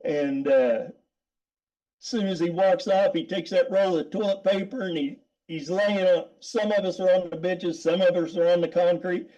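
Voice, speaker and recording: A man's voice: high voice, steady tone, moderate pace, warm tone, highs cut off. A middle-aged man, a guest, telling a story casually, rambling with repeated words and frequent laughs.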